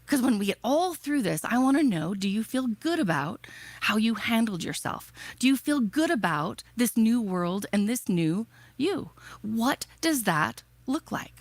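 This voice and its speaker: Emphatic, lively woman giving a keynote. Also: a little high, unhurried, dry recording. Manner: energetic, emphatic, repeating rhetorical questions. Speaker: keynote speaker. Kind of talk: motivational keynote speech.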